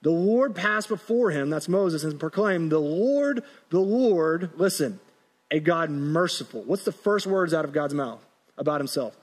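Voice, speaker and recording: A man preaching a sermon in a church, earnest and halting, often restarting his words. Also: on the high side, animated, husky, long reverb tail. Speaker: pastor. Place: church sanctuary.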